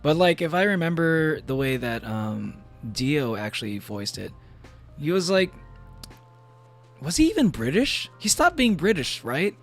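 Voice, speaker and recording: This VTuber streamer chats casually from home while gaming, rambling and laughing often between thoughts. His fairly high voice has a sing-song, unhurried quality, with faint music in the background.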